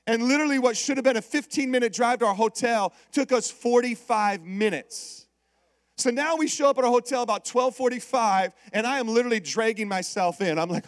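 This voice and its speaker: A man with a high-pitched voice preaches to his congregation, spinning a travel story into a lesson and calling out to them as he goes. The sound is dry and close, with almost no room echo. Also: brisk. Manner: animated storytelling with call-outs to the congregation. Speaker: pastor. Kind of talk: sermon.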